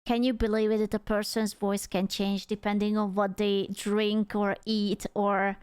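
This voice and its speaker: A woman's voice: medium pitch, little pitch movement, unhurried, darkish tone, clear, resonant tone, no echo. A young woman streamer reacting to videos in casual, blunt, rambling chat.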